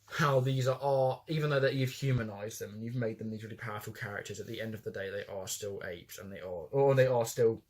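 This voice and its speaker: A man's voice: fairly low pitch, quick pace, few pauses, darkish tone. A young man co-hosting a casual film podcast, rambling with many restarts. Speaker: podcast co-host.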